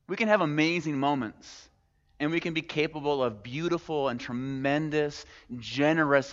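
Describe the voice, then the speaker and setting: A male pastor gives a sermon in a relaxed, conversational tone, asking the congregation question after question and dropping in plainspoken humor. His voice rings through a large reverberant church hall. The recording sounds muffled and a little dull. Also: fairly high pitch, unhurried.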